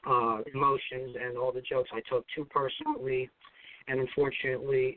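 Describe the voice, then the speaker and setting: Halting male caller on a phone line. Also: medium pitch, flat delivery, dry recording. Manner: halting, apologetic, repeats phrases. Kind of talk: call-in radio talk.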